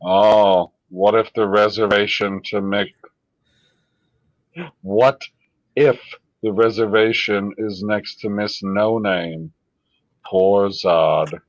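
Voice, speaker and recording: A man's voice: lowish voice, steady tone, slow, long pauses, dry recording, dull audio. A man hosting a live stream, reading viewer comments aloud in a casual, sardonic, profane way.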